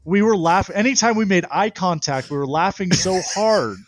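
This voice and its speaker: Young man, mid-pitched, dry close mic; laughing storyteller with rambling restarts. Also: lively intonation, moderate pace, dry recording. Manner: laughs through his stories, rambling restarts. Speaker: guest, professional pitcher. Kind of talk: casual storytelling interview.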